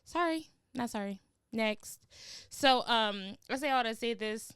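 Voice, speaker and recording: A woman hosting a podcast, telling stories in an animated way and using casual slang. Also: fairly high pitch, normal speed, smooth, dry recording, studio quality. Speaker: podcast host.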